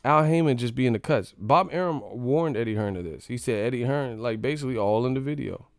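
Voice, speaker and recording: A man's voice: mid-range voice, brisk, clear, resonant tone, dry recording. A man hosting a live boxing stream, talking in a heated, mocking, slang-filled rant and circling back to his points. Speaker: boxing commentary channel host.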